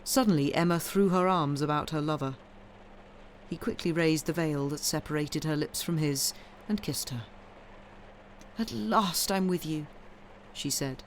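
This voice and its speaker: Calm woman reading a story aloud. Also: low voice, moderate pace, slight background noise. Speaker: reader. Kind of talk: audiobook narration.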